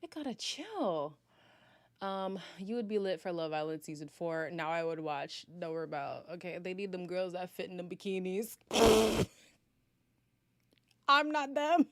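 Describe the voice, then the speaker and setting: A woman's voice: fairly low pitch, normal speed, no echo, clean studio sound. A woman hosting a casual livestream, reading and answering viewer chat, chatty and self-mocking and laughing often.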